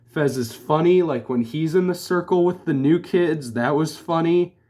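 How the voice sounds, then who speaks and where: A man's voice: a little high, normal speed, a little mellow. Man giving a rambling casual review. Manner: rambling, full of "like" and restarts. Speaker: TV show reviewer.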